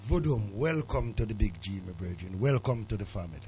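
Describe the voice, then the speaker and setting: A man's voice: fairly low pitch, lively intonation, a little fast, warm tone, slight background noise. A man at a radio show, greeting the host with friendly welcoming banter.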